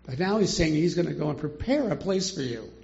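A man's voice: on the high side, animated, a little fast, gravelly, darkish tone. An older man teaching a Bible study in a chatty way, asking rhetorical questions and chuckling often, on a dull lo-fi recording.

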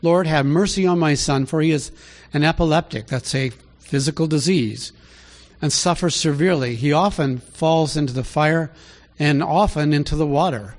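A man preaching a conversational Bible teaching, asking rhetorical questions and rising in pitch to stress his points. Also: normal speed. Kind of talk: sermon teaching.

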